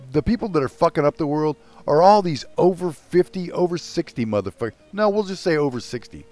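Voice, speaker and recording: A man's voice: a little high, a little mellow. Older man ranting profanely. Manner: profane, ranting, self-mocking. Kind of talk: casual podcast chat.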